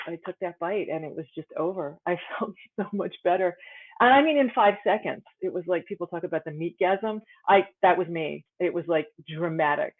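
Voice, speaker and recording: A woman, an author and interview guest, telling a personal story in a casual, animated way with many "like" fillers. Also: fairly low pitch. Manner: animated, many "like" fillers, acts out her own thoughts. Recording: phone-like tinny call audio.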